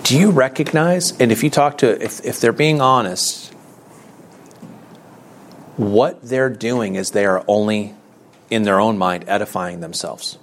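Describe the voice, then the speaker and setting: A man's voice: lowish voice, a little slow, pauses often, slight background noise. A man giving a conversational sermon as a Bible teacher, asking rhetorical questions and reading scripture aloud.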